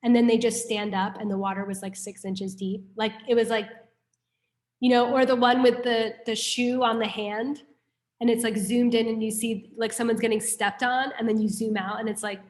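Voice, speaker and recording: A young woman from New York City, her voice on the high side and her speed normal, teaches Buddhism in an easygoing, talkative manner. Animated anecdotes fill her lesson, sprinkled with frequent "like"s.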